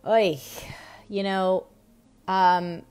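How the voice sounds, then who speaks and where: A woman in her thirties hosting a weekly live stream, chatting casually in a bubbly, rambling way with many fillers and quick laughs. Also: mid-range voice, steady tone, darkish tone, clear, resonant tone. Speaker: host of a weekly live stream on women's health.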